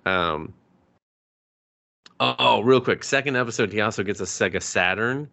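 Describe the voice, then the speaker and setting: Male podcast co-host, lowish voice, rambling giddy recap style with lots of cursing. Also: moderate pace, gravelly. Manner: excited, rambling, swears a lot, laughs often. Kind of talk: casual chat recapping an anime.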